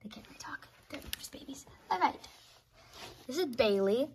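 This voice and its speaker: Woman voicing all the parts in a casual doll role-play, high and bright, chatty. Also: lively intonation, moderate pace, a little hiss or hum. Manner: chatty, switches between character voices.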